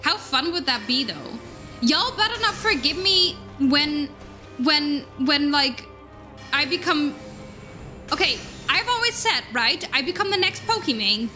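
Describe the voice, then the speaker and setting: A young woman streamer with a high, bright, sharp voice talks excitably to her chat while she plays, swearing now and then. She sounds close to a desk mic, with faint game music running underneath. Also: a little slow. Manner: excitable, swears, chats with viewers. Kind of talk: casual live-stream chat while gaming.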